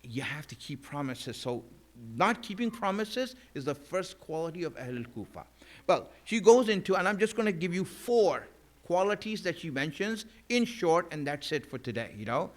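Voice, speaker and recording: A man's voice: a little high, very animated, normal speed. Man preaching a conversational sermon. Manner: conversational, frequent "you know" fillers; emphatic repetition of key lines.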